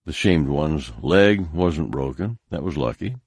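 A man narrating an audiobook with steady, deliberate storytelling. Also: a bass voice, breathy edge, dry recording. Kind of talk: scripted narration.

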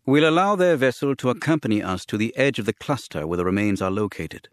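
A man voicing a sober, courtly alien official who speaks in a formal, measured, grave way, read as a scripted audiobook. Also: mid-range voice, animated, dry recording, clean studio sound, natural voice.

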